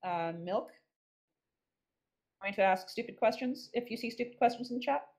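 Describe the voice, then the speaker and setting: A woman's voice: a little high, expressive, normal speed, a little mellow. A woman hosting a casual podcast, crude and self-mocking, swearing freely. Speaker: podcast host.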